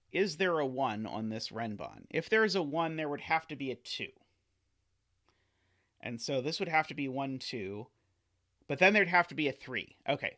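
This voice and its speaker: A man streams himself solving a sudoku, talking through each step out loud. He keeps catching his own mistakes and taking them back, and he tosses in playful remarks to his viewers. His pitch swoops lively up and down as he works. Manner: talks to himself, corrects himself often, playful asides. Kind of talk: live-streamed puzzle solving, thinking aloud.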